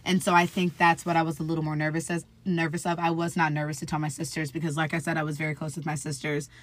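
Low-voiced young woman telling a story. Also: level tone, fast talker, slight background noise. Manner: chatty, filler-heavy, acts out quoted voices. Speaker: guest. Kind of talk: casual conversational storytelling.

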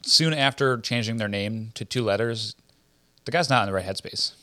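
A man co-hosts a casual podcast and keeps cracking jokes. He laughs easily. His voice has a bright, forward edge. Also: on the low side. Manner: joking, quick to laugh. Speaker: podcast co-host.

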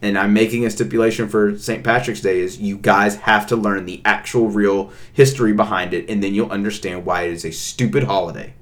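Animated ranting young man. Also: on the low side, fairly quick, few pauses. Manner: playful ranting, animated outbursts. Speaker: podcast co-host. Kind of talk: casual chat.

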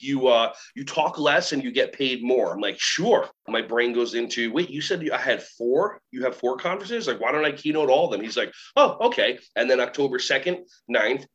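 A man talking as a guest trainer, telling animated stories and acting out the voices of kids and teachers. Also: medium pitch. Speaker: guest, workshop trainer and keynote speaker. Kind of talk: storytelling interview talk. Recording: slightly muffled recording.

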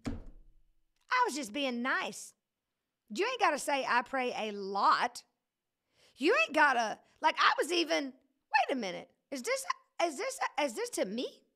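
A woman's voice: high-pitched, very animated, moderate pace, gravelly, bright, forceful tone. A woman leading a casual livestream Bible study, preaching in a chatty, joking way that keeps wandering off into digressions.

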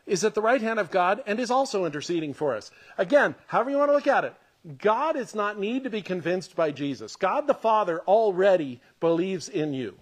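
A man preaching a podcast sermon in a conversational, emphatic way, repeating his points and laughing often. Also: high-pitched. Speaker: pastor.

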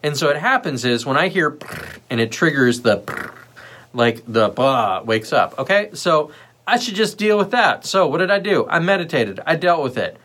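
A man's voice: on the high side, normal speed. A man hosting a livestream, talking casually and rambling with lots of fillers and asides. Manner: puts on lively voices when quoting others. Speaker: livestream host.

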